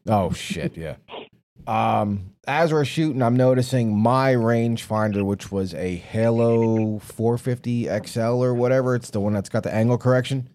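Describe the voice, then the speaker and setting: A man's voice: mid-range voice, moderate pace, a little mellow. Profane, rambling man podcast host. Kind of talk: casual chat.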